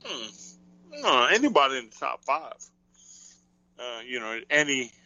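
A man in a loose podcast chat who wanders through his points and leans on fillers as he thinks aloud. His voice is bright and forward, recorded close and dry with no room sound. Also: mid-range voice, very animated, a little slow, dry recording, poor audio. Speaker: podcast co-host. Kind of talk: casual wrestling chat.

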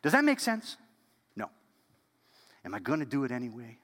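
Animated male pastor telling a story. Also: mid-range voice, moderate pace, in a large hall. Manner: animated, dropping to a hush at key moments. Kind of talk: storytelling sermon.

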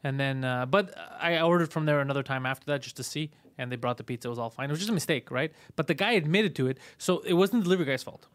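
A man hosting a podcast talks fast in a slightly high voice, profane and animated, acting out every exchange as he tells the story. The sound is close and dry, with no room around him. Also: no room sound. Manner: profane, animated storytelling full of acted quotes. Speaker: podcast host. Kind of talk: casual podcast chat.

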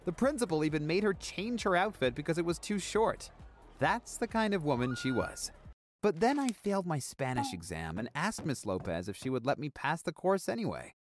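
Lively expressive male storyteller. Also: fairly high pitch, moderate pace. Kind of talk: scripted first-person narration.

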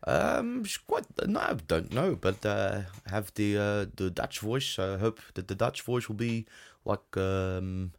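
A man's voice: on the low side, sing-song, unhurried, creaky. Rambling, giggly male podcast host. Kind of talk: casual comedy chat.

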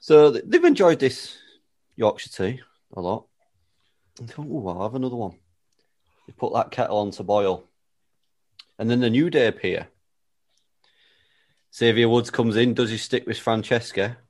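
A man's voice: mid-range voice, expressive, moderate pace, long pauses, a little mellow. A man casually telling a made-up wrestling-style storyline with dry, playful tangents. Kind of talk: casual chat, pitching a joke storyline.

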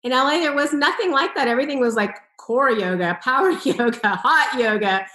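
Animated woman telling stories in a roomy space. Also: sits high, a little fast. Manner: animated, laughs often, acts out quoted dialogue. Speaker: author and entrepreneur telling her story. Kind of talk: conversational personal storytelling. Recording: roomy echo.

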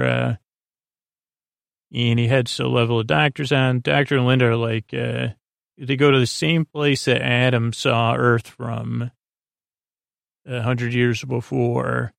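Flat, gravelly-voiced man. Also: no room sound, clean studio sound. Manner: meandering, low-key retelling of a TV episode. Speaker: podcast host. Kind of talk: relaxed plot recap for a sleep podcast.

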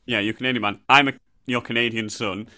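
A man's voice: medium pitch, steady tone, fast talker, background noise. A young man co-hosting a comedy podcast, chatting casually in a playful, giggly way. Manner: playful, giggly, tries silly accents. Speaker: podcast co-host.

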